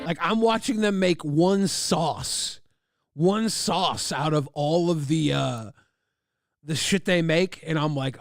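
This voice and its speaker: A male streamer talking casually over a trailer, excitable and profane, laughing at his own jokes. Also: on the high side, slow, creaky, dry recording, studio quality. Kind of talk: casual livestream commentary.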